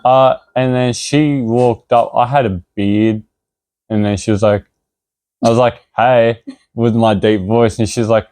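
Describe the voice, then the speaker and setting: A man's voice: medium pitch, fairly even intonation, measured pace, darkish tone, no room sound. A young man co-hosting a casual chat, telling a story in a laid-back way with brief replies. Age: young adult. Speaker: co-host.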